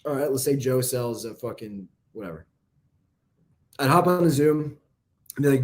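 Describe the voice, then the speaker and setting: A man's voice: medium pitch, lively intonation, a little mellow. A man coaching copywriting in a casual, profane live lesson. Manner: casual, profane, fast-talking.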